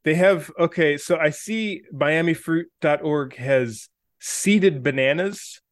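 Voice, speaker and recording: A man's voice: on the high side, no echo, studio quality. Giggly man rambling in casual chat. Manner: rambling, halting, laughs often while telling stories. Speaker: podcast co-host.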